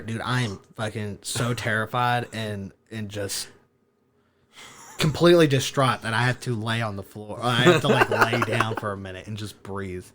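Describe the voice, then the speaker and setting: A man, a podcast guest, telling a story in a casual chat, animated, swearing and laughing as he goes. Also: fairly low pitch, moderate pace. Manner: animated, profane, laughing through his story.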